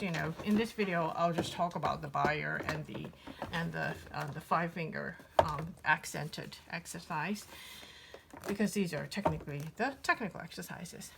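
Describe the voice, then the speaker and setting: A woman's voice: lowish voice, creaky, sharp tone, slight background noise. A woman giving a casual piano lesson, thinking aloud with many fillers and restarts. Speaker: piano teacher.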